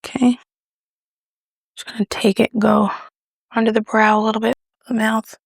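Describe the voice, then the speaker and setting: A woman's voice: on the high side, flat delivery, normal speed, vocal fry, breathy edge, no echo, studio quality. A woman chatting casually to camera while doing her makeup, talking through a product review with a self-mocking, playful manner. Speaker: beauty vlogger.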